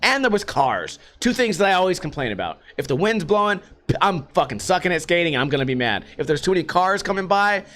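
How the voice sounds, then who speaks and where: Man, podcast host, high-pitched, swooping delivery, casual cursing rant. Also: fast. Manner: profane, animated, mocking. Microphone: podcast microphone.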